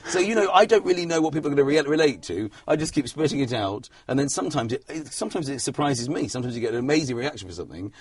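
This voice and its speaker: A man's voice: medium pitch, lively intonation, racing, few pauses, slightly rough. A comedian in a casual interview, rambling and self-deprecating, laughing often at his own stories. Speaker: comedian guest.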